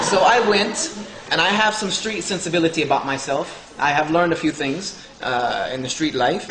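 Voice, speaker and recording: In a fairly high, fairly bright voice at normal speed, a Southern US man entertains an audience with a humorous personal story. He jokes and acts out others' dialogue, and the recording has slight background noise and faint ambience from an echoey hall.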